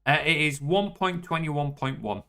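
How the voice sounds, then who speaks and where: A man's voice: a little high, animated, moderate pace, bright, forceful tone, clear, resonant tone. A young man with a Yorkshire accent, chatting casually as a streamer, laid-back and swearing freely. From northern England. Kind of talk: casual chat.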